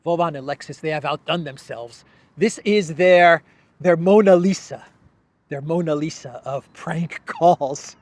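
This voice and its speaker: A man hosting a casual political commentary show, talking at a slow, deliberate pace in a slightly high voice. He is sarcastic and playful, laughing at his own points and stretching words out for emphasis. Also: animated, no room sound. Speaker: host.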